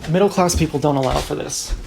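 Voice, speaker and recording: Male vlogger, meandering musing monologue; gravelly, slightly raised pitch, faint hiss. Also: fast. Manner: musing, meandering, talks to his dogs. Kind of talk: rambling casual monologue. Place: home with dogs.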